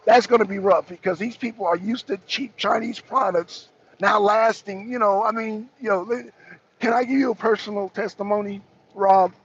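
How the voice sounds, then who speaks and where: This man's voice is high, steady, and a bit bright, with a slightly rough edge, at a normal speed over lo-fi sound. Hosting a political talk stream, he offers casual live commentary, animatedly chatting with viewers, calling them by name, and cursing a lot.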